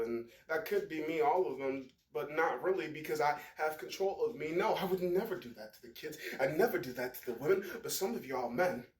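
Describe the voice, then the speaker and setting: A young man talking to camera in a rambling, emotional monologue that swings into loud outbursts. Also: fairly high pitch. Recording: echoey room.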